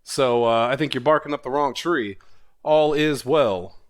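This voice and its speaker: Guy playing a calm stubborn guy, shrugging it off, mid pitch. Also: measured pace, natural voice. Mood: calmly dismissive. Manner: calm, dismissive.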